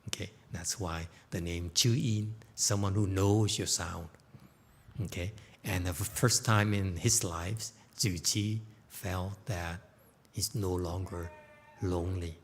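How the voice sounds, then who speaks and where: Male Buddhist teacher, casual storyteller, low and slow. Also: steady tone. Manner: informal, laughing, checks in with "okay?". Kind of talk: dharma lecture, storytelling. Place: temple lecture hall.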